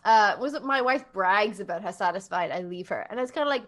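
A woman's voice: medium pitch, lively intonation, a little fast, fairly bright tone. A woman hosting a video game podcast in casual chat, bubbly and giggly with lots of fillers. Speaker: podcast host.

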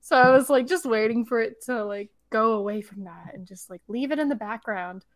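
Panelist, woman fairly high voice, hesitant with fillers, dry close sound. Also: a little fast, no echo. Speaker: senior editor. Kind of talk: casual chat.

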